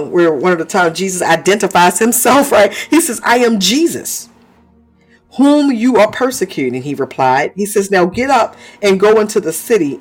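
A man preaching a sermon in a fervent way, often stopping to praise, speak in tongues and laugh. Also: high voice.

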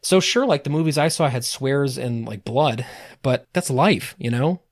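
A man co-hosts a podcast in relaxed, casual chat. He rambles, restarts his sentences often and drops in casual swears, speaking at a mid-range pitch. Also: normal speed. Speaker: podcast co-host.

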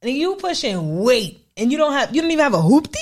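Fast-talking animated young woman. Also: high voice, slight background noise. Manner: animated, talks over others, acts out yelling at the TV. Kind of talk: casual chat.

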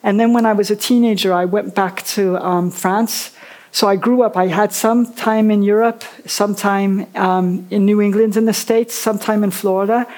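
A woman in her fifties talks at a medium pitch in a chatty, rambling way. She is an author and a guest in a casual interview on a book festival stage. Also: steady tone, normal speed, darkish tone.

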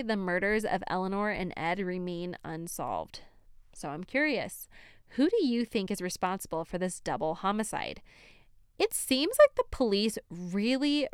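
A woman's voice: on the low side, a bit bright, clean tone, dry recording, studio quality. A young woman hosting a true crime podcast, telling the story in a chatty, casual way with frequent laughter and emphatic asides.

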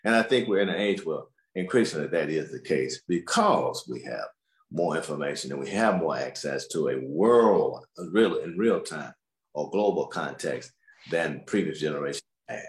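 A man, a scholar, answering interview questions in a measured, explanatory way. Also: extremely low pitch, expressive, reverberant. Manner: measured, explanatory, repeats words.

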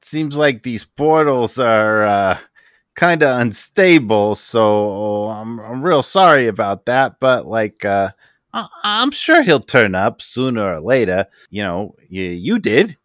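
A man voicing an excitable, rambling male inventor who stammers as he talks. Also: fairly low pitch, takes it slowly, dry recording, studio quality, voice pushed up, full character voice. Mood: excited, eager. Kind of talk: voicing a character in a tabletop game.

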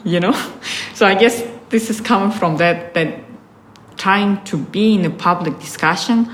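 A woman's voice: fairly low pitch, a bit bright, slight background noise. A woman from Russia, an artist talking reflectively in an interview with many fillers and some frustrated swearing. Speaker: artist guest. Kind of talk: casual interview talk. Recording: roomy echo.

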